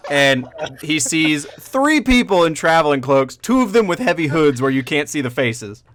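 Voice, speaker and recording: A man's voice: fairly high pitch, very animated, normal speed, a bit bright. Casual man running a tabletop game. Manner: casual, loose narration. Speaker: game master.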